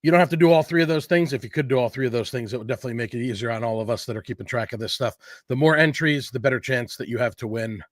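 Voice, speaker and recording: A man hosts a casual food livestream in a chatty, upbeat way. He rambles a little between items, with plenty of fillers. His voice sits in an ordinary middle pitch, and the recording is dry and close with no room sound. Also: racing, dry recording. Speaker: host of a local food show. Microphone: livestream setup.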